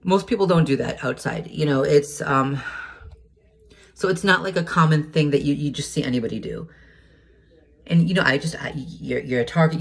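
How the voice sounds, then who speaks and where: A man's voice: fairly high pitch, vocal fry. A man talking to camera in a casual monologue, agitated and hesitant, stumbling over restarts and repeated words and swearing heatedly. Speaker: vlogger.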